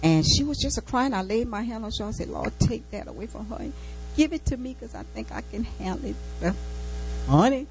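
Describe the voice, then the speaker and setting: A woman's voice: on the high side, lively intonation, brisk, a little mellow, slight background noise, poor audio. A woman preaching an informal sermon and sharing a personal testimony, in a folksy way that repeats key lines and breaks into laughter between phrases. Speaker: church speaker giving a testimony.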